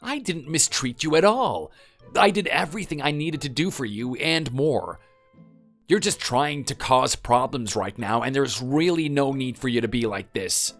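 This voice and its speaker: A man's voice: mid-range voice, animated, moderate pace, fairly bright tone, soft background music. A man voicing a defensive husband clinging to his marriage, in a pleading, insistent manner. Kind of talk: scripted dialogue drama.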